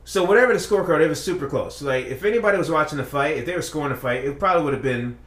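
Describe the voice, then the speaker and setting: A man's voice: a little high, animated, very fast, reverberant. A man on a casual podcast, telling a long story in a rambling, profane way with many restarts. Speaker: podcast co-host.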